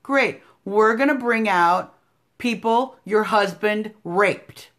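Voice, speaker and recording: A woman in her thirties with an American accent, hosting a live stream and delivering opinionated commentary, combative and sarcastic, swinging from loud outbursts to low asides. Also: takes it slowly. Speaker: political live-stream host. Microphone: phone live stream.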